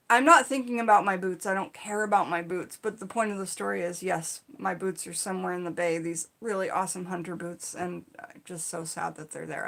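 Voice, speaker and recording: A woman spins a personal story in a casual, animated way, leaning on "like" and "you know". Her voice sits a little high and rings bright and clear. She talks like a friend recounting a wild day. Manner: animated, chatty, acts out her own shouts in the retelling; frequent fillers like "like" and "you know". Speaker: storytelling channel host.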